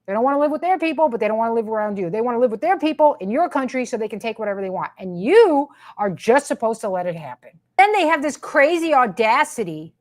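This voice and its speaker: High-voiced woman, indignant and sarcastic. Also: sing-song, fast talker, hardly any pauses, darkish tone. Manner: indignant, sarcastic, emphatic repetition. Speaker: commentary host. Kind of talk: ranting political commentary.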